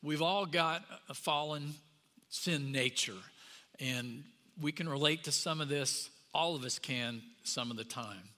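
A middle-aged man preaching a sermon, telling stories with lively, playful acted-out voices. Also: fairly high pitch, measured pace, in a large hall. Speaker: pastor.

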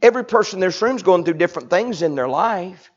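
A man, preaching a sermon that swings from loud to hushed. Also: sits high, animated, fast talker. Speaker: pastor. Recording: dull lo-fi recording.

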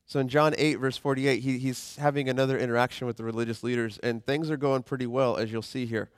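A man's voice: medium pitch, fairly even intonation, fast talker, no room sound. A man preaching a sermon in a plain, conversational tone with a mid-range voice. He acts out quoted voices as he goes. The sound is close and dry. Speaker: pastor.

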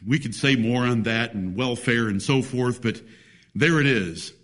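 A man's voice: mid-range voice, unhurried, a bit bright. A man preaching a sermon, emphatic, reading scripture in old-fashioned biblical wording.

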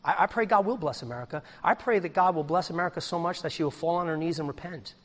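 A man preaching a sermon, swinging from shouted exclamations down to quiet, low asides. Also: fast talker, in a large hall. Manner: preaching with big swings in loudness, shouting hallelujahs then dropping low. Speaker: pastor.

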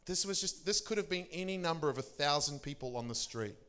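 A man's voice: brisk, clear, resonant tone. A middle-aged man, a pastor telling testimony stories in a sermon. He laughs often and his voice leaps up for emphasis. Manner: animated storyteller, laughing often, pitch leaping for emphasis.

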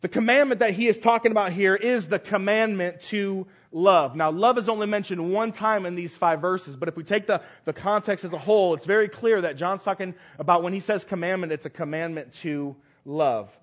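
A man's voice: sits high, fairly quick, hardly any pauses. A male pastor preaching a sermon, reading scripture aloud with earnest, rising emphasis.

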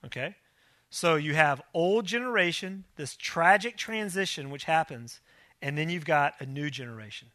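A male pastor preaches with animated energy, acting out scenes and prodding his listeners. His voice is bright and forceful, a touch higher than most men. The sound is dry and close. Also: moderate pace, dry recording. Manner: animated, acts out biblical quotes, prods the audience. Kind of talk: sermon.

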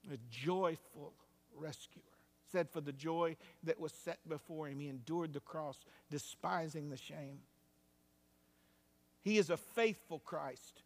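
A male pastor preaching a sermon, moving between hushed, quiet passages and loud, rising climaxes. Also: on the high side, takes it slowly. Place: church sanctuary. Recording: long hall reverb.

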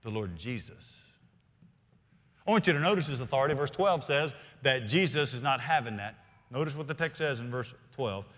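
A man's voice: mid-range voice, lively intonation. Earnest preacher man in a reverberant hall. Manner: earnest preaching, slows and drops to quiet emphasis. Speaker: senior pastor. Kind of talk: sermon. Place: church sanctuary. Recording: long reverb of a large hall.

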